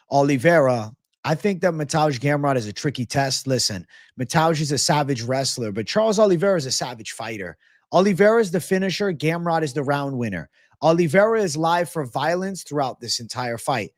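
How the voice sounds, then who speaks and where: A man's voice: on the high side, no room sound, clean studio sound. A man hosting a live sports betting show, chatting casually and swearing freely while he talks straight to his live chat. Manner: laid-back, slangy, swears freely.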